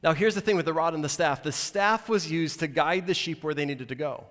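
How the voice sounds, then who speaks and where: A fairly high-voiced man preaching a sermon to his congregation. He talks in an animated, conversational way and slips into mock-dramatic asides. His voice carries a long reverb from a large hall. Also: fairly quick. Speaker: pastor.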